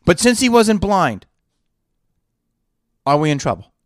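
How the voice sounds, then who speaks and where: A man's voice: sits high, sing-song, a little slow, dry recording, clean studio sound. Indignant man ranting on a podcast. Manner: indignant, sarcastic rhetorical questions. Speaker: podcast host and actor.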